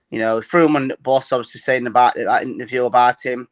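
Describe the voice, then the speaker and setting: A man's voice: medium pitch, fairly even intonation, quick pace. A man as a guest on a fan chat call, rambling and restarting his sentences. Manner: rambling, restarts often, laughs easily.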